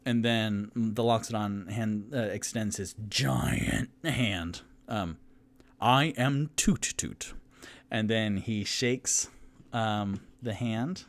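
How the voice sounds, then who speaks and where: A man runs and narrates a solo tabletop fantasy game, thinking out loud as he goes. He talks slowly in a lowish voice, filling gaps with ums and correcting himself. The sound is dry and close to the mic. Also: fairly even intonation, no room sound. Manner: rambling, full of ums and self-corrections. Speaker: dungeon master.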